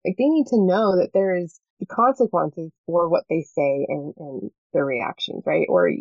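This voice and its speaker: A woman's voice: lowish voice, a little mellow, no echo. A woman, a podcast guest talking earnestly about parenting and often checking in with "right?". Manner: earnest, talks in quick bursts with many "right?" checks. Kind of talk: casual podcast chat. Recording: dull, slightly lo-fi dry sound.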